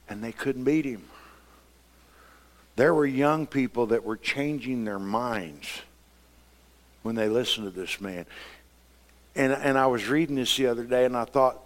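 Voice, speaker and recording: A man preaching a sermon, swinging between quiet, conversational passages and loud, impassioned outbursts. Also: mid-range voice, measured pace. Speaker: pastor.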